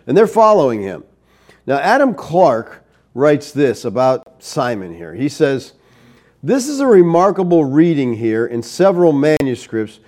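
A man's voice: a little high, dark tone. A middle-aged man preaching a sermon, explaining a Bible passage verse by verse and checking in with his listeners as he goes. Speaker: pastor.

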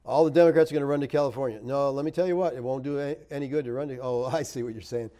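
Middle-aged man, pastor answering viewer comments; relaxed dark timbre, chatty and emphatic. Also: racing. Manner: chatty, laughs often, rises emphatic then drops low. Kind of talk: casual live-stream chat reading comments.

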